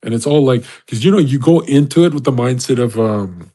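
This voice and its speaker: Husky, profane man ranting on stream. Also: mid-range voice, fairly quick, mellow. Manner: profane, rambling, laughs often. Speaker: livestreamer. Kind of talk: casual ranting monologue.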